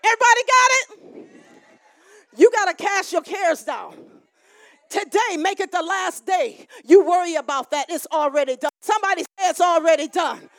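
A woman minister preaching a sermon, shouting and calling for responses from the congregation. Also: very high voice, animated, moderate pace, no room sound.

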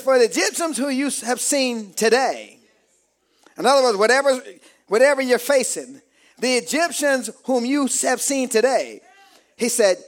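High-voiced preacher calling for amens. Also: male voice. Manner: shouts rising phrases and calls for amen. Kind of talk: call-and-response sermon.

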